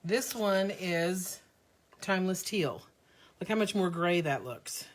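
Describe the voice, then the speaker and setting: A middle-aged woman hosting a casual live stream, chatty and upbeat, a little hoarse while getting over an illness. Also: lowish voice, expressive, slow. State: recovering from covid, slightly hoarse. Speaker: host of a live paint demo.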